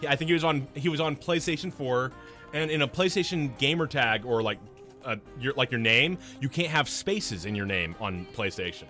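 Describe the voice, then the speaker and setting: A man streaming a game, chatting casually and rambling through animated stories with lots of restarts. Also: mid-range voice, moderate pace, faint music behind. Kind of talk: casual chat while gaming.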